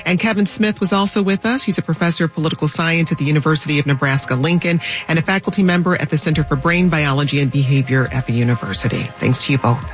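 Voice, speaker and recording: A woman radio host wrapping up a program in a brisk, polished announcing manner. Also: low voice, soft background music.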